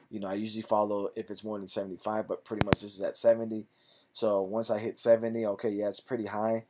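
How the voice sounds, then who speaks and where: A man's voice: fairly low pitch, darkish tone. A man hosting an investing channel who reads company facts and figures aloud in clipped phrases, then chats loosely about whether to buy. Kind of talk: casual stock-analysis commentary.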